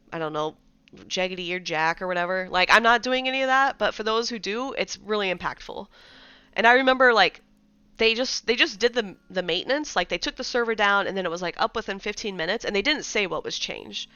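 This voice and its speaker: Woman streamer, casual chatty talk, bright crisp voice, dry dull-sounding mic. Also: medium pitch, animated, a little fast, no room sound. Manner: chatty, greets chat mid-sentence. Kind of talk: casual live-stream chat.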